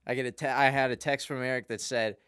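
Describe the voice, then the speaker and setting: A young man, a podcast co-host, telling a long, rambling story in a casual, animated way. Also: medium pitch, fast talker, clean tone, no room sound, clean studio sound.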